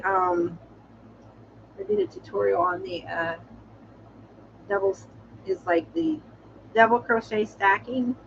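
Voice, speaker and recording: A woman with a cold chats casually on a livestream from home, meandering with lots of fillers and restarts. Her voice is a little high, gravelly, and fairly bright. The lo-fi audio sounds slightly dull, with a little hiss or hum.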